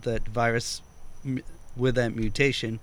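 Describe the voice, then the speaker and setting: A man's voice: mid-range voice, flat delivery, a little slow. A man hosting a casual chat, explaining at length with hesitant restarts.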